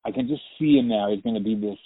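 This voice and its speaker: A man's voice: on the low side, fast talker, no echo. Chatty man on a tinny phone line. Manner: chatty storyteller, laughs often. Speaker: actor, interview guest. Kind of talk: phone interview, anecdotes.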